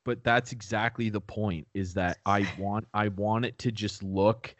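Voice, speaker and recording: A young man co-hosting a casual podcast, rambling through stories and acting out quotes in high squeaky voices. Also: unhurried, no echo, lo-fi sound. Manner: rambling, animated storyteller who acts out quotes in high voices. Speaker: podcast co-host. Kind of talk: casual chat. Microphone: new podcast microphone.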